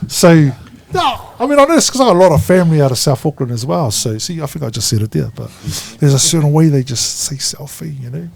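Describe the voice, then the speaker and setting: Kiwi podcast host, jokey and chummy, a touch high, gravelly edge. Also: male voice, big pitch swings, fast, hardly any pauses, darkish tone. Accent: New Zealand. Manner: jokey, laughing, calls guests bro. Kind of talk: casual chat.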